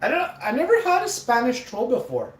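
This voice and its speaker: A man streaming live, rambling and joking, drawing words out and breaking into sudden high yelps. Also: wildly swooping pitch, a little fast. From Canada. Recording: roomy echo.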